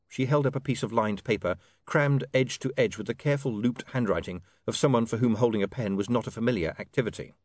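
A man narrating a novel as an audiobook reader in measured storytelling. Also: mid-range voice, no room sound, studio quality. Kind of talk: scripted narration.

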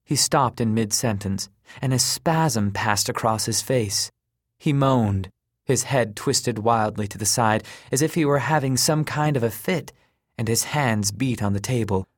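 A man narrating a story in a measured, dry storytelling manner. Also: mid-range voice, no echo.

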